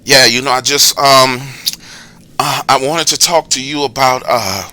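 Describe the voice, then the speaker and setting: A man imitating a strange, hesitant male caller who talks haltingly, full of ums. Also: medium pitch, bright, forceful tone.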